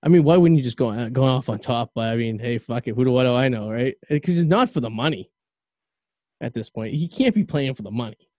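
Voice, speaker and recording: A man's voice: medium pitch, lively intonation, a little fast, darkish tone, no room sound. A man hosting a podcast in casual chat, rambling and stammering through restarts. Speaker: podcast host.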